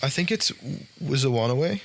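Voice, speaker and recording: A man hosting a casual podcast who reads off a quick list of picks and moves the talk along. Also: medium pitch, animated. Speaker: podcast host. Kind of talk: casual chat.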